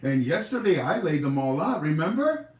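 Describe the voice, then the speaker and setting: A man's voice: on the high side, moderate pace. A man hosting a livestream in a rambling, joking way, his voice rising and falling a lot. He sounds far from the mic in a room with a lot of echo. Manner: rambling, jokey, animated. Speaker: livestream host. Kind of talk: rambling casual commentary.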